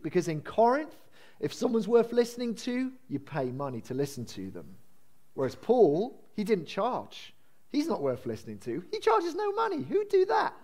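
Brief: male pastor, relaxed storyteller, fillers, self-deprecating humour, a touch higher-pitched. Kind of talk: sermon.

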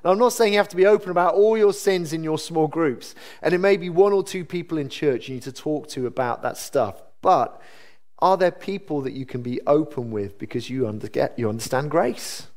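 A man preaching a sermon in a church, earnest and conversational, with sudden lively rises. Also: on the high side, brisk. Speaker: pastor.

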